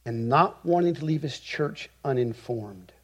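Slow, emphatic male preacher. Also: medium pitch, lively intonation, breathy edge. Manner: emphatic, rhetorical repetition, slow deliberate phrasing. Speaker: pastor. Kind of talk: expository sermon.

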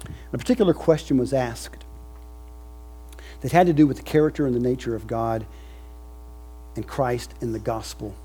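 A man preaching a sermon, moving from quiet reflection to loud, emphatic passages. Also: mid-range voice, fairly even intonation, normal speed, pauses often, a little hiss or hum. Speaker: pastor.

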